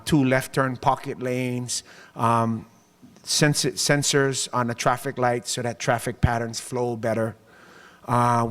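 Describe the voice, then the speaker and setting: A man addresses a business group as mayor, his mid-pitched voice ringing through a hall with a long reverb tail. He tells stories animatedly and slips into the voices of the people he quotes. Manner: animated storytelling, acts out quoted voices with laughs. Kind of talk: public speech to a business group.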